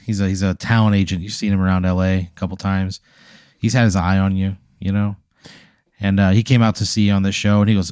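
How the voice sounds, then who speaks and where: A man with a lowish voice tells an absurd story in a deadpan, ever-escalating way. The sound is dry and close, with no room to it. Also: brisk, smooth, dry recording. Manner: deadpan, escalating absurd narration with acted-out quotes. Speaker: podcast host. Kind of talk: improvised comedic storytelling.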